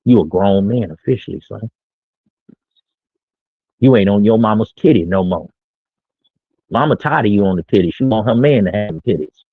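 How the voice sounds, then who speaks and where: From his small home studio, this middle-aged man streams dating advice as a casual, brash monologue full of boastful slang, heard through a tinny phone-like sound. His fairly low, slightly rough voice is expressive at normal speed, broken by long pauses, with no echo.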